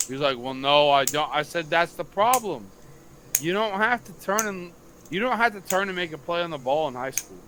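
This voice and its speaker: A young man, a high school football coach, telling a long story on a casual late-night podcast, swearing freely and acting out what others said. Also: moderate pace, slight background noise. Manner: profane, animated storytelling.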